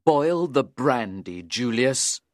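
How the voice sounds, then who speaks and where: A man voicing a drunken, unsteady young man who shouts and insists. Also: mid-range voice, sing-song, takes it slowly, dry recording, clean studio sound, voice pushed up. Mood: insistent.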